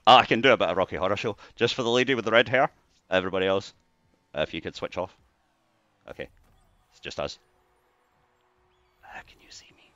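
A Scottish man rambling casually to camera, jokey, with sudden bursts of excitement between mumbled asides. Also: lowish voice, quick pace, long pauses, dry recording. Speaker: vlogger. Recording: dull lo-fi dry recording.

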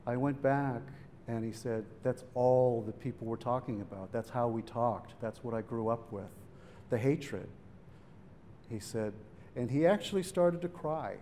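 Hall reverb and faint background noise surround a middle-aged man in a museum event hall as he recounts a family story at a public event. His mid-range voice is mellow and unhurried, and he talks conversationally while acting out the voices of people he quotes.

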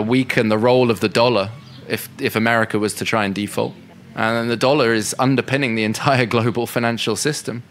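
A man's voice: mid-range voice, fairly bright tone. Male speaker, unscripted, conversational, fillers and restarts, mid-range voice. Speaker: speaker at a political education session. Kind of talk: unscripted talk answering questions.

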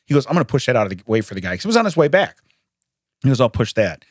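Animated laughing man telling a story. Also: mid-range voice, racing, husky, no echo, clean studio sound. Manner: animated, laughing often, acts out quoted voices. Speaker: podcast co-host. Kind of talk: casual storytelling chat. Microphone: studio microphone.

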